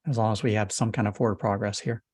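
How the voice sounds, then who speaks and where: A man leading a technical meeting over a video call, talking casually in a self-described monotone. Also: lowish voice, fast talker, dry recording, studio quality. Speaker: meeting lead.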